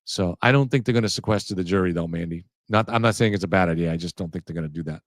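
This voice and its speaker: A man's voice: low voice, very fast, dry recording, studio quality. A man hosting a casual livestream, talking through his thoughts in a rambling way, restarting his sentences and greeting viewers in the chat. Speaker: livestream host.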